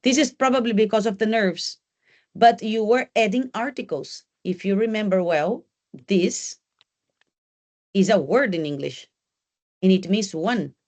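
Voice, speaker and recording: A woman's voice: medium pitch, measured pace, long pauses, darkish tone. Woman english teacher prepping a class for an exam, direct and coaching, repeats the key stuff.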